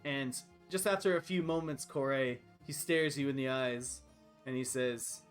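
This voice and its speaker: A man's voice: mid-range voice, unhurried, soft background music. A man narrating a tabletop game as game master, chatty and full of fillers, often laughing.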